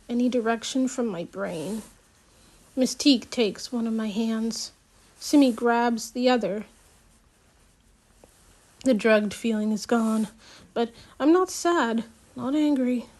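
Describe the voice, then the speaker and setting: A woman reads a novel aloud at a slow, unhurried pace. Her voice sits a little high. She restarts lines and drops in small asides as she goes. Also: a little mellow. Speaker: audiobook reader. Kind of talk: unpolished audiobook narration.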